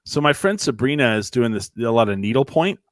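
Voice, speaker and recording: A man's voice: medium pitch, a little fast, dry recording. A man hosting a casual chat show over a video call, telling stories and swearing freely. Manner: animated storyteller, swears freely, acts out quotes. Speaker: podcast host.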